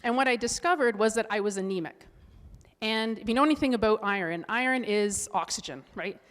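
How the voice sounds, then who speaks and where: A middle-aged woman speaks as a nutrition coach, telling her own story in a candid, earnest way and often restarting her sentences. Her voice has a typical middle pitch for a woman. A long reverb tail trails after her words, as if she is speaking in a large hall. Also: fairly quick. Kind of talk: personal-story presentation talk.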